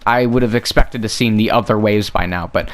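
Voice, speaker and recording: Young guy streaming a game, smooth voice, goes off on goofy tangents and makes fun of himself. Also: lowish voice, fairly quick. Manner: rambling, joking, self-mocking. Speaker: gaming streamer. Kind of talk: casual gameplay commentary.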